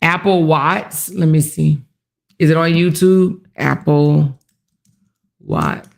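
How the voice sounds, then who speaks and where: A woman hosts a casual livestream commentary, chatting, laughing often and reading viewers' comments aloud. Her voice sits low with vocal fry, and she speaks slowly.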